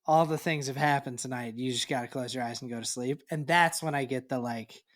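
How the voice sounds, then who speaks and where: A man with a mid-range voice co-hosts a laid-back parenting podcast. He thinks out loud in casual chat and laughs easily. He swears offhandedly. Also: mid-range voice, fairly quick.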